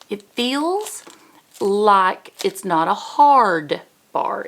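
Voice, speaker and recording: A woman's voice: medium pitch, gravelly, fairly bright tone. A woman with a Southern US accent in a casual unboxing vlog, chatting and reading product labels aloud. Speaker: unboxing vlogger.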